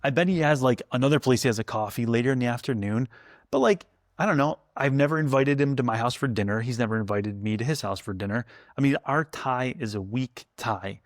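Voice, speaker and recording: A man's voice: mid-range voice, brisk, no echo, studio quality. A man, a food historian, chatting as a podcast guest and telling stories with jokey asides. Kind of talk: casual podcast conversation.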